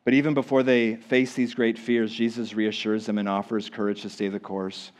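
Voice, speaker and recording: A male pastor preaching a sermon to a church congregation, swinging from loud emphatic lines to hushed ones. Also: lowish voice, little pitch movement, moderate pace. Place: church sanctuary.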